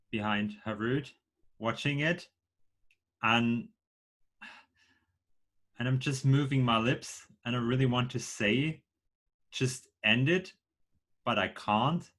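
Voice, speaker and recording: Brief: male tabletop player, mid-pitched, slow and halting with fillers. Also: fairly bright tone. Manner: halting, thinking aloud with fillers. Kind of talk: describing a character's actions in a tabletop game.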